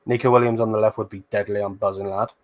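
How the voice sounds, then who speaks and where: A man's voice: lowish voice, flat delivery, fast. A young man hosting a football channel, chatting casually with viewers and reading their comments, blunt and slangy with some swearing.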